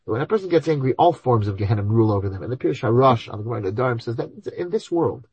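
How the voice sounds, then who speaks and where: A man answering listeners' questions on ethics, animated, acting out imagined voices and mixing in Hebrew and Yiddish terms. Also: mid-range voice, rapid-fire, breathy edge, no room sound, lo-fi sound. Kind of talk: Q&A talk on Torah ethics.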